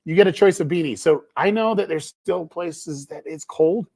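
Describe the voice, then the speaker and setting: Gravelly middle-aged man hosting a livestream. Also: fairly high pitch, normal speed, a little mellow. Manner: playful, jokey, rambling. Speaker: show co-founder and livestream host. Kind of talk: casual livestream chat. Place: on a film set.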